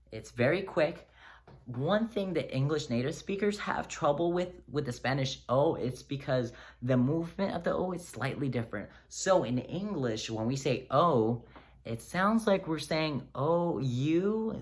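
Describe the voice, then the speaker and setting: A man teaching pronunciation in a casual video lesson, relaxed and encouraging, joking often and using plenty of fillers. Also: medium pitch. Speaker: language teacher. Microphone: close-up camera.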